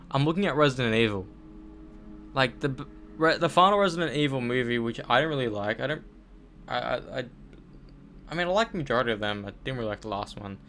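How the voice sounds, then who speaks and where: A man's voice: medium pitch, fairly bright tone, a little hiss or hum. A young Australian man chatting casually on a game stream, rambling and swearing, often restarting his sentences. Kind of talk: casual gaming stream chat.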